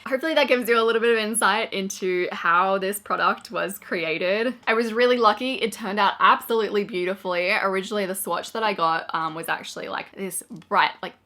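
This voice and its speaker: A woman vlogger talking casually to camera, excited and chatty, rambling with lots of fillers. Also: lowish voice.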